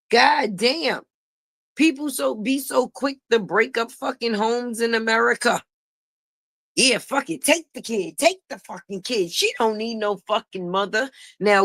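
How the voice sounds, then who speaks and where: Gossip commentary host, profane and emphatic, animated, mid pitch, dry close mic. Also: dry recording. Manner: blunt and profane, with emphatic repetition; animated, laughing and mocking.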